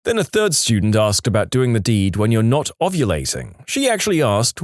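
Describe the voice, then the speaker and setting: A man narrating reader-submitted stories in a scripted, expressive way, slowing down to land punchlines. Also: medium pitch, no room sound, studio quality. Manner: expressive, slows down to stress punchlines. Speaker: storytime narrator.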